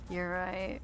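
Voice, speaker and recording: A woman streaming a video game, chatting casually and excitably with frequent swearing and playful grumbling. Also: lowish voice. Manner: chatty, excitable, quick reactions and self-talk. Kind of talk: casual live-stream gameplay commentary.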